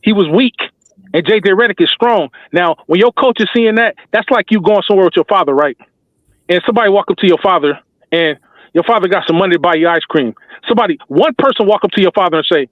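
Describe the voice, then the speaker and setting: A man's voice: high voice, expressive, fast, no room sound. A man giving passionate, slangy basketball fan commentary as a talk show host, emphatic and repetitive like a preacher. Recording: tinny phone-like dry sound.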